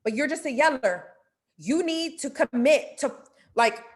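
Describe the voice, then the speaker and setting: This is a woman leading a motivational mentorship talk. Her voice sits a little high, and her delivery is animated and casual. She speaks straight to her listeners. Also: unhurried. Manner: animated and playful, acting out inner dialogue; casual, direct, addresses listeners.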